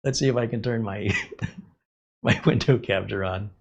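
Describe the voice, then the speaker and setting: Middle-aged male stream host, casual, animated storyteller, laughs easily. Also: lowish voice, normal speed, gravelly, muffled recording. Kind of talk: casual live-stream chat.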